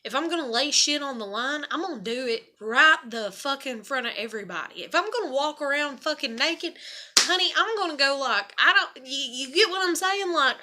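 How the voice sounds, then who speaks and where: Blunt, bright-voiced woman rambling. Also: high voice, expressive, normal speed. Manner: rambling and profane, many fillers. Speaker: vlogger. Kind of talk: casual confessional monologue. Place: her own apartment.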